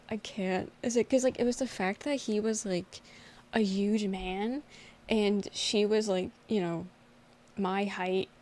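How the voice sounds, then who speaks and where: A young woman chatting live to her stream viewers, telling a story with lots of laughter and energy. Her voice sits a little high for a woman, and she jumps up in pitch when she gets excited. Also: a little hiss or hum. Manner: animated storytelling with frequent laughter. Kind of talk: casual livestream chat.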